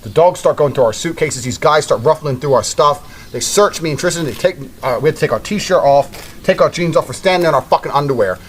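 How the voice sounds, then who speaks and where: Give me a fast-talking man telling a story bluntly, with lots of swearing and a medium pitch. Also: a little hiss or hum. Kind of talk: casual storytelling.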